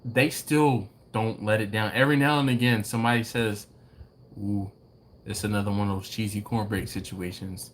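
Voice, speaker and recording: A man hosting a live barbecue stream, chatting casually with viewers and acting out people in a story in a high mimicking voice. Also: steady tone, normal speed, slight background noise. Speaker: host of a live BBQ show.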